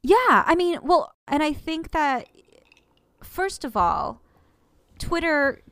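A woman in her thirties co-hosts a podcast in casual chat, talking earnestly and at length with many restarts. Her voice is high, very animated, a bit bright and slow-paced, on a dry recording.

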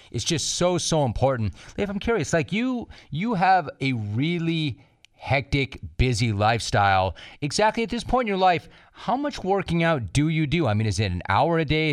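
A man hosting an interview, asking questions with lively enthusiasm. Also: medium pitch, dry recording, clean studio sound. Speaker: podcast host. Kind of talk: casual interview talk.

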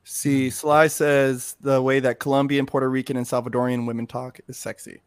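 A young man co-hosting a podcast in casual chat, joking and relaxed in his slang. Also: mid-range voice, normal speed, clear, resonant tone, no echo, clean studio sound. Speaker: podcast co-host.

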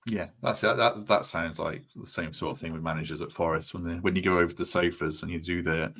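A man hosts a casual football podcast in a very deep voice. He talks in a chatty, easygoing way, bouncing between opinions. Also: fairly even intonation, brisk, gravelly, a bit bright. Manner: chatty, laughs easily. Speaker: podcast host.

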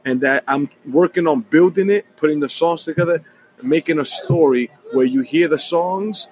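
A young man, a guest musician telling his story in animated, rapid casual chat, slipping in Spanish words. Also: on the high side, rough recording. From New York City.

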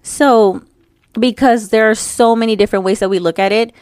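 A woman's voice: a little high, fairly even intonation, moderate pace, darkish tone, dry recording, clean studio sound. A woman hosting her own podcast, talking to her listeners in a chatty, personal way. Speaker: podcast host. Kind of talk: casual podcast monologue.

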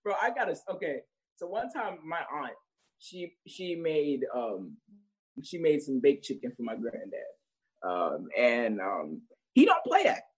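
Husky young man, laughing casual guest. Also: a little high, lively intonation, measured pace, low-quality recording. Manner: laughs often, rambling with restarts and fillers. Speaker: guest, social media creator. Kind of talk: casual interview chat.

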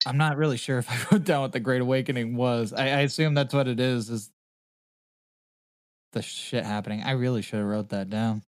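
A man's voice: medium pitch, fairly even intonation, a little fast, no echo, studio quality. A man hosting a podcast in casual chat, rambling and swearing freely. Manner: rambling, heavy swearing, fillers. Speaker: podcast host.

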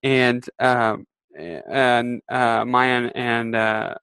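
A young adult man, a podcast co-host, telling a drinking story in casual chat, animated and laughing often. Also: medium pitch, very slow, clear, resonant tone, no echo.

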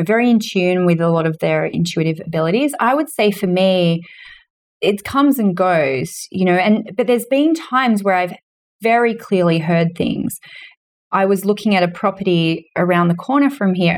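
Animated storytelling woman in her forties. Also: normal speed. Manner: storytelling, acting out quoted voices with big pitch jumps. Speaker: guest, money mentor and author. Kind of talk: casual podcast conversation.

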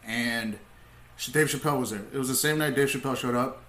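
A young man, a comedian, telling stories in laid-back casual talk, swearing freely and getting animated as he retells. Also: medium pitch, fast, echoey room. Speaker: comedian, podcast guest. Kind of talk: casual storytelling.

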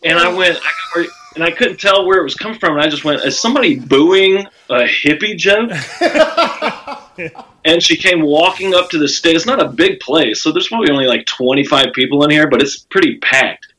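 A man's voice: fairly high pitch, a little fast, slight background noise, poor audio. A man, a stand-up comedian, telling a profane story in casual chat and acting out the people in it with a raised voice. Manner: animated, profane, acts out quotes with raised voice.

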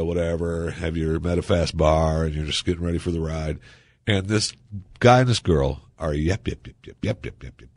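Male talk radio host, low-pitched, dry studio sound, ranting and digressive. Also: no room sound. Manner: ranting, exasperated, rambling asides.

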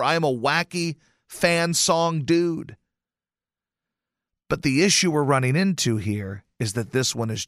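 A man's voice: a little high, gravelly, a bit bright, dry recording, clean studio sound. A man hosting a casual sports talk show, sarcastic and mocking, tossing off joke rhymes. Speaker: podcast host.

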